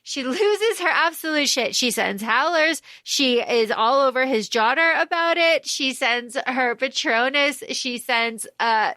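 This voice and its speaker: A woman's voice: high voice, animated, unhurried, few pauses, sharp tone, no room sound. A woman co-hosting a podcast, gushing as she retells a book and acts out the characters' lines in a casual chat. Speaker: podcast co-host.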